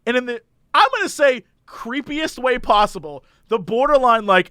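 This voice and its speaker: A man's voice: very high-pitched, normal speed, clear, resonant tone, dry recording, clean studio sound. A man co-hosting a comedy podcast, telling jokey, silly stories in casual chat. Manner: animated, silly, jokey storytelling. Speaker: podcast co-host.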